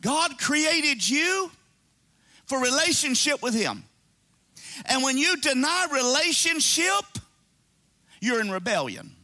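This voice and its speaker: High-voiced, fervent man preaching. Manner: swings from loud shouted preaching to low conversational asides; repeats and restarts phrases for emphasis. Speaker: pastor. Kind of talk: sermon.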